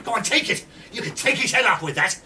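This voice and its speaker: A man's voice: very high voice, moderate pace, pushed and bright, pitched above the performer's own voice. A man voicing a scheming male plotter, urgent and pushy as he recruits people, heard from a distant mic with faint room noise. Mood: gleeful.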